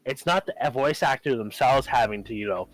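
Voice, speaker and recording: A man's voice: mid-range voice, fairly quick, rough recording. A man on a casual podcast panel, restating another speaker's point with fillers. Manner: summarizing, hesitant with fillers. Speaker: podcast co-host.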